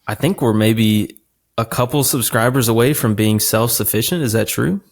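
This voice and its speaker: A man's voice: medium pitch, moderate pace. A man co-hosting a podcast in casual chat, rambling a bit with restarts and fillers. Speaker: podcast co-host.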